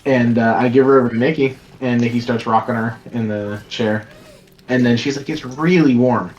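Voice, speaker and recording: A man's voice: medium pitch, little pitch movement, brisk, lo-fi sound. A man joining a game stream as a guest, laid-back and self-deprecating while telling a story. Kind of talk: casual storytelling.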